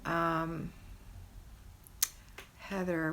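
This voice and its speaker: A woman hosting a homemaking live stream, reading viewer comments aloud and praising and encouraging her viewers. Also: moderate pace. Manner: chatty, with pitch rising high in excitement. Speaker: homemaking livestream host.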